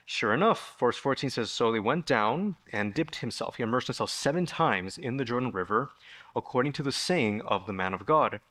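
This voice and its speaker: A man preaching a sermon in a church, retelling a Bible story in a lively way and raising his voice to act out the people in it. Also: normal speed. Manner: animated storytelling, acting out the figures with sudden raised pitch. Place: church sanctuary.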